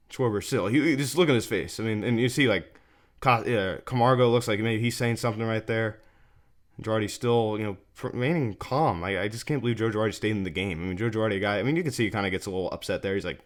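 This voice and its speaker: A man hosting a fan sports channel, breaking down game replays in an exasperated, repetitive way, his pitch jumping up in disbelief. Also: fast.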